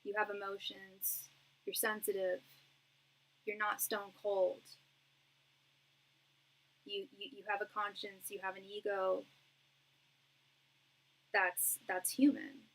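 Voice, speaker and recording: A woman's voice: mid-range voice, level tone, takes it slowly, long pauses, a bit bright, poor audio. A young woman doing a live-stream tarot reading. She talks in a chatty, reassuring way, with lots of fillers and restarts. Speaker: tarot reader.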